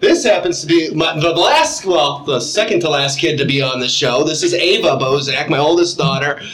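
A man's voice: fairly high pitch, moderate pace. A man co-hosting a casual talk show, telling stories with lots of laughter. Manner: animated, laughing storyteller. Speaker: podcast co-host. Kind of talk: casual chat. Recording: roomy echo.

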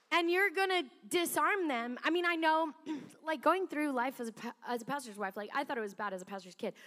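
A high-pitched middle-aged woman pastor tells stories from the pulpit in a chatty, animated way, laughing often. Her voice carries a long reverb from a large church sanctuary. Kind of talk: sermon storytelling.

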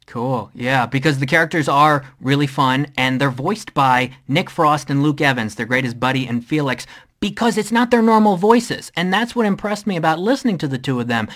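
An interviewer asking upbeat, casual questions about a film and chiming in with quick agreement. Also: mid-range voice, expressive, fairly bright tone.

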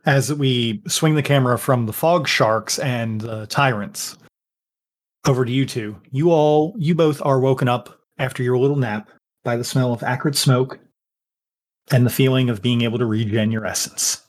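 A man's voice: medium pitch, normal speed. A man narrating as game master in a tabletop game, casual and rambling, with many fillers.

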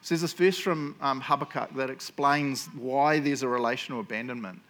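A man's voice: medium pitch, fairly quick, a bit bright. Joking New preacher man. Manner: jokey, self-mocking storyteller who teases the audience. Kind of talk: casual humorous sermon.

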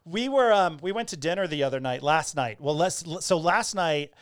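A woman's voice: deep voice, normal speed, clear, resonant tone, no room sound. Chatty woman podcast host, laughs a lot, cusses, voice jumping up and down, clean dry sound. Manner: animated, laughing, swearing freely. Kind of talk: casual chat.

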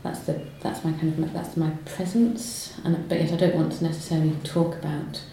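A low, mellow-voiced woman speaks hesitantly, stopping and restarting as she explains her work, then reads poetry aloud. The room is strongly echoey, with faint noise behind her. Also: flat delivery, fairly quick. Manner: hesitant, lots of ums and restarts when talking. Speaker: poet guest. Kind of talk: conversational interview and poetry reading. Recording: roomy echo, faint noise.

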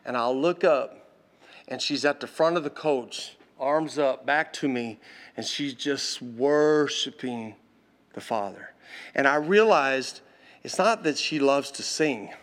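A man preaching a sermon, impassioned and exhorting, swinging from loud intensity to hushed tones. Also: mid-range voice, slow pace, long pauses.

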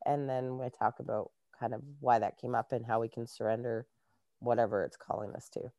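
A woman's voice: extremely low pitch, fairly even intonation, brisk, mellow, no echo, studio quality. A Canadian woman, a life coach, chatting casually as an interview guest and laughing often.

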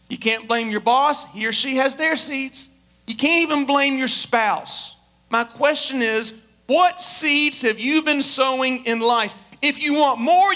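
High, bright-voiced preacher giving a sermon. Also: male voice. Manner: emphatic, rhetorical questions, repetition. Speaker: pastor.

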